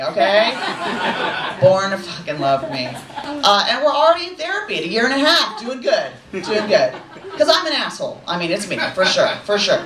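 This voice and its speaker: A woman's voice: mid-range voice, noisy background. A woman in her forties doing a brash, profane, self-mocking stand-up set on a comedy club stage. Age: 40s. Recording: echoey club mic from a distance, audience laughter. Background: crowd laughing.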